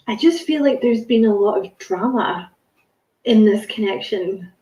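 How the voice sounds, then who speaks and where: A woman's voice: a little high, a little mellow, echoey room, rough recording. A woman giving a casual spiritual card reading to camera, musing and rambling with many fillers and self-corrections. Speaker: tarot card reader.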